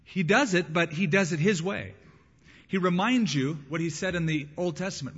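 A man's voice: high voice, moderate pace, a bit bright, breathy edge. Preaching man in a reverberant hall. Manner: preaching with rising bursts and acted quotes. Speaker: pastor. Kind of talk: sermon. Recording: lo-fi church hall with long reverb.

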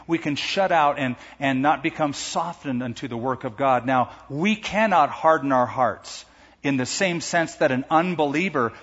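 A middle-aged man preaching a sermon to a congregation, slowing down and raising his voice on the words he stresses. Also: mid-range voice, fairly bright tone, husky. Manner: emphatic, slows and lifts his voice on key words. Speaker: pastor. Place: large church sanctuary. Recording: dull sound with long hall reverb.

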